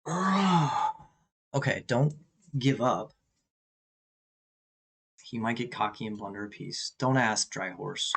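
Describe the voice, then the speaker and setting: A man's voice: fairly low pitch, a little slow, vocal fry, pauses often, slightly rough. A man streaming an online chess game, thinking aloud in an anxious, self-deprecating way. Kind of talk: live commentary while playing online chess.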